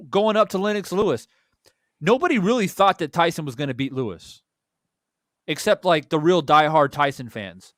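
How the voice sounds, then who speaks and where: A man's voice: sits high, no room sound, studio quality. A young adult man hosting a boxing talk show, speaking in a casual, blunt way with swearing and many restarts while he tells a story. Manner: animated storytelling with many restarts and repeated words. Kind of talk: casual chat.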